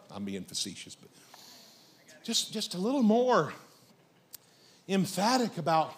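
A man preaching a sermon as pastor, emphatic and comic, breaking into shouted lines. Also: high-pitched, wildly swooping pitch, a little slow, long pauses.

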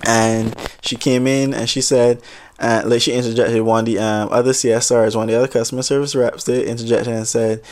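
A man telling a comic story in casual talk, animated and exaggerating, with some swearing. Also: medium pitch, a little fast.

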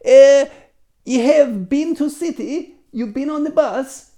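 A man voicing a flustered female foreign waiter who speaks halting, broken English in a made-up accent. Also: very high voice, dark tone, pitched above the performer's own voice, heavily acted. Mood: eager, explaining. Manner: halting broken English, acting out words with gestures.

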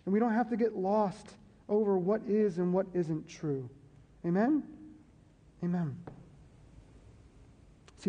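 Speaking in a warm, high-pitched voice, a pastor gives a conversational sermon in his church sanctuary. He returns to key phrases and checks in with the congregation, all under long hall reverb.

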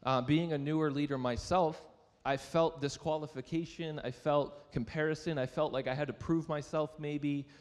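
A young pastor's slightly high, steady voice carries at a moderate pace with few pauses through the large hall of a church sanctuary. He preaches a sermon around a personal story, conversational and self-deprecating, and asks the congregation questions.

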